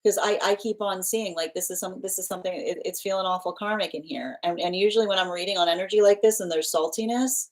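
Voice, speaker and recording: A woman giving a live tarot reading, talking in a rambling way with many restarts and repeated phrases, breaking into sudden animated bursts. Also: fast, hardly any pauses, poor audio. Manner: bursts into laughter and animated pitch jumps. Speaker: tarot reader.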